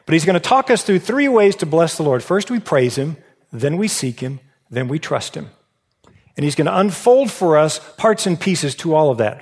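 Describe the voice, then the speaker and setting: A man preaching a sermon, retelling a story in a lively way and asking the congregation questions. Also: a little high, normal speed. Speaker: pastor. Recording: long hall reverb.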